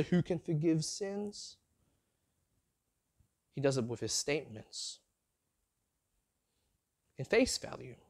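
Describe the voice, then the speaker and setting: A man preaching a sermon, often putting rhetorical questions to his listeners. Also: medium pitch. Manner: asks the congregation many rhetorical questions; expressive, rising and falling delivery.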